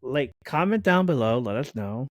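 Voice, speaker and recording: This podcast co-host speaks in a mid-range voice at a moderate pace, with dull audio and no room sound. In a casual chat, he animatedly recounts stories, performs what his friends said, and swears now and then.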